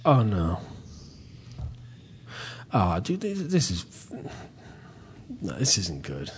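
A man's voice: sits low, wildly swooping pitch, extremely slow, slight background noise. A man hosting a casual chat, swearing freely and rambling through a story, with many hesitations and restarts. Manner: hesitant, repeats himself. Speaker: podcast host.

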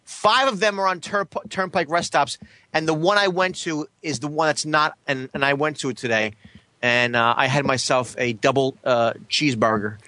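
Deadpan podcast cohost, kinda high bright voice, dry close mic. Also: male voice, moderate pace, no room sound. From New Jersey. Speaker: podcast co-host. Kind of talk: casual chat.

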